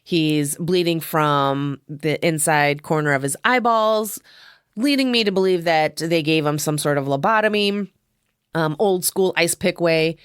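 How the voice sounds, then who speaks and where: A woman's voice: low-pitched, measured pace, clean tone, no echo, clean studio sound. A woman podcast host giving a chatty movie recap, swearing freely and laughing often.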